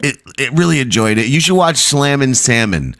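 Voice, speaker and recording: A man's voice: medium pitch, lively intonation, normal speed, a bit bright. A man hosting a livestream podcast, rambling in playful, self-deprecating casual chat. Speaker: podcast host.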